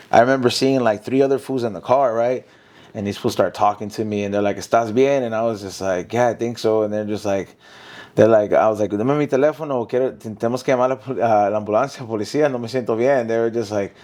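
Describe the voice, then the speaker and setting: A man, a podcast guest telling a story in casual, slangy talk and dropping "fool" and "bro" often. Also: mid-range voice. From South Central Los Angeles. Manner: slangy, animated, says fool and bro a lot.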